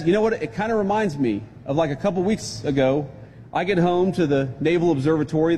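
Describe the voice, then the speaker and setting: A male politician tells a relaxed, wry anecdote during a speech. His voice sits high and carries a long hall reverb, with faint noise underneath. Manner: relaxed storytelling, wry humor.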